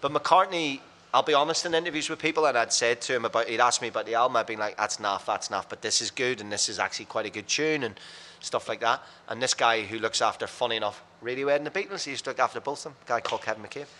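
A man, a radio presenter, telling rapid, blunt anecdotes in casual chat on a podcast. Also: medium pitch, pushed and bright.

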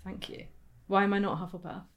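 A woman's voice: medium pitch, fairly even intonation, fairly quick, lo-fi sound. A woman hosting a podcast in casual chat. She teases her guest and swears freely. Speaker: podcast host.

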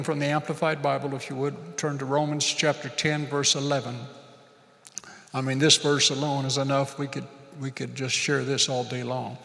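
A man's voice: medium pitch, gravelly, fairly bright tone, long reverb tail. A man preaching and praying at a church service, fervent, repeating phrases and leading the congregation to say lines back. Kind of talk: prayer and sermon.

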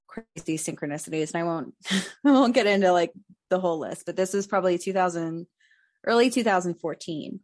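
A woman's voice: fairly low pitch, dry recording. A woman podcast host telling a story in casual chat, laughing often and using lots of fillers.

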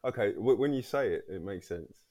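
A man's voice: fairly low pitch, animated, brisk, darkish tone. A man co-hosting a football podcast, talking casually and hesitantly, often repeating words. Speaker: podcast co-host.

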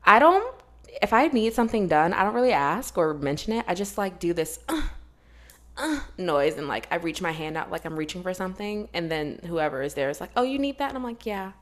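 A woman's voice: fairly low pitch, a little fast. A woman co-hosting a podcast in casual chat, acting out the voices of people she quotes. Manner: animated, acts out quoted voices. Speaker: podcast co-host.

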